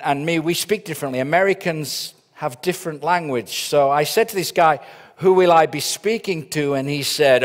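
Middle-aged guy doing a funny keynote, kinda high voice, big hall echo. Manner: joking, storytelling with punchlines. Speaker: keynote speaker. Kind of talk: humorous conference keynote. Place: large conference hall. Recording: long reverb of a large hall.

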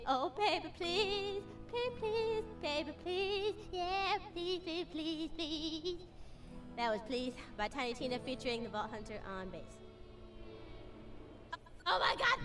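A woman's voice: very high-pitched, bright, forceful tone, exaggerated voice. An actress voicing a manic, gleeful teenage girl who squeals and begs theatrically. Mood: pleading. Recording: game audio under music.

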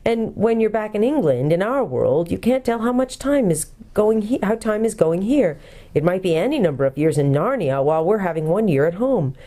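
A woman's voice: on the low side, mellow. A woman voicing a cross, complaining English schoolboy in a storybook reading.

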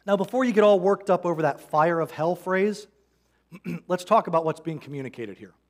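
A man's voice: sits high, lively intonation, fairly quick. A man preaching a sermon as a pastor, earnest and conversational, quoting scripture. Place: church sanctuary.

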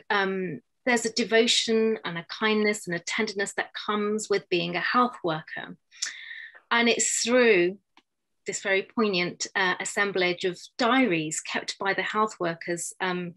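A woman interviewing a guest, earnest and pausing with many ums. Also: mid-range voice, a bit bright, rough recording. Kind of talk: interview questions.

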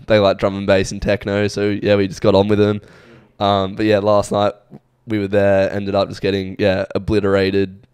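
A man's voice: lowish voice, darkish tone, clean tone, no room sound, clean studio sound. A young Australian man co-hosting a podcast, telling rambling stories in a laid-back, casual way with lots of fillers. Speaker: podcast co-host. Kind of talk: casual chat.

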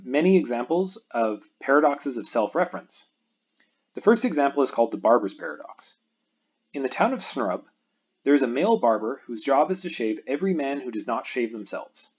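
A man at a middle pitch with a slightly husky voice explains a math lecture patiently, step by step. His intonation moves a lot, rising and falling as he walks through each case. The recording sounds a little dull and lo-fi. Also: sing-song. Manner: patient explanatory lecturing, pauses for the viewer to think.

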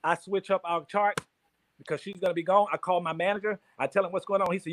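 A man in his fifties, a guest actor, telling a story in an animated, profane way, laughing as he goes. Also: high-pitched, fast talker, a little hiss or hum, poor audio. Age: 50s.

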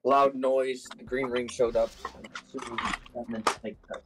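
A man's voice: mid-range voice, level tone, moderate pace, noisy background. A young man streaming games, chatting casually with friends, teasing and easily confused. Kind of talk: casual chat while gaming on stream. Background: music.

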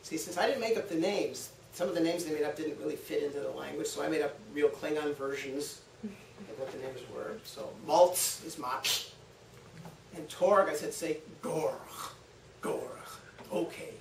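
A man giving a university talk, telling anecdotes with animated quoted voices and frequent laughter. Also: a little high, normal speed, creaky. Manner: lively storytelling, acts out quotes, laughs often. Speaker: guest lecturer. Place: lecture room. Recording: roomy, from a distance, faint hum.

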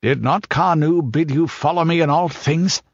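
A man's voice: mid-range voice, lively intonation, unhurried, breathy edge, no echo, dull audio. A man voicing a fierce, proud Pictish warrior who speaks in a guarded, curt and sneering way. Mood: guarded scornful.

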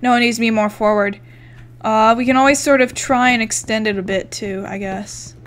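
A woman's voice: fairly high pitch, fairly even intonation, moderate pace, a little hiss or hum. A young woman giving casual let's-play commentary, chatting, swearing freely and counting blocks aloud as she builds. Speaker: gaming YouTuber.

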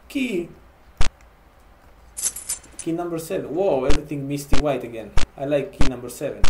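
Man, comic vampire persona, broken English, gravelly, a bit high, roomy echo, loud background hiss. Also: lively intonation, normal speed, long pauses. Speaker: let's play gamer in a vampire persona. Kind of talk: horror game commentary.

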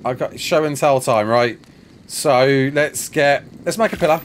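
A sleep-deprived man streams a game, talking in a loose, rambling way and stopping to answer viewers' questions. His voice sits at an ordinary middle pitch. Faint room ambience hums underneath. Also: measured pace, a little hiss or hum. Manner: chatty, rambling, answers chat questions while playing. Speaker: gaming streamer. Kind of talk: casual live gameplay chat.

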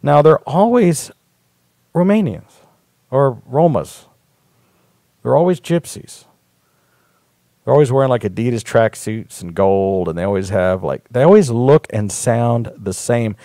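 A man's voice: mid-range voice, animated, takes it slowly, gravelly, pauses often, a little mellow, dry recording. A man hosting a live talk show, telling rambling stories in a blunt, profane, casual way. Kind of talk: casual live-stream monologue.

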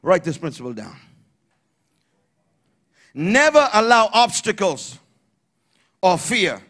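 A man preaching an emphatic sermon in church, building to shouted refrains and calling on the congregation to repeat after him. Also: high-pitched, very animated, takes it slowly. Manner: emphatic preaching, rising to shouts, call-and-response. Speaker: pastor.

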